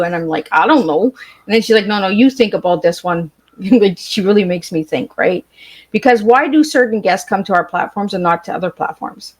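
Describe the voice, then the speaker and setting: A woman's voice: mid-range voice, expressive, moderate pace. A woman guest on a podcast, talking casually in a blunt, straightforward way. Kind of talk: casual chat.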